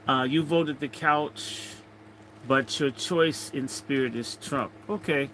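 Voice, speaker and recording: Guy rambling on his livestream, slow and bright, joking around w viewers, bit of background hiss. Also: medium pitch, rough recording. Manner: rambling, jokey, chatting to viewers. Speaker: livestream host. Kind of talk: casual livestream chat, reading comments.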